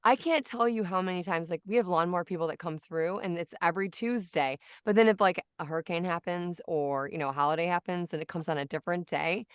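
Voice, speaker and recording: A woman's voice: on the low side, clean tone, no echo. Bubbly woman podcast host, dry sound. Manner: bubbly, chatty, quick to laugh. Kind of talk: casual interview chat.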